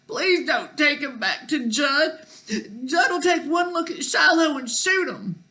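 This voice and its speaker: A woman's voice: high-pitched, expressive, measured pace, sharp tone, pitched above the performer's own voice, full character voice. A woman reading aloud gives voice to a young boy, tearful and pleading for his dog.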